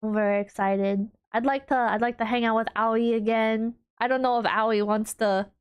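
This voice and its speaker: A woman streamer chatting casually on a livestream, gushing and bubbly, piling on fillers and restarts, and swooping up high when excited. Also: moderate pace, smooth. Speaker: VTuber streamer.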